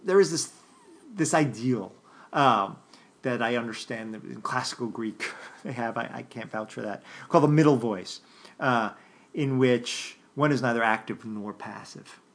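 A man giving an unscripted philosophy lecture, thinking aloud with frequent restarts and fillers and often checking in with his listeners. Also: mid-range voice. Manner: thoughtful, halting, many restarts and fillers; addresses listeners directly, often checking with "right?".

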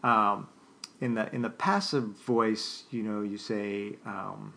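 A man's voice: lowish voice, steady tone, gravelly, sharp tone. A man giving an unscripted philosophy lecture, thinking aloud with frequent restarts and fillers and often checking in with his listeners. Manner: thoughtful, halting, many restarts and fillers; addresses listeners directly, often checking with "right?".

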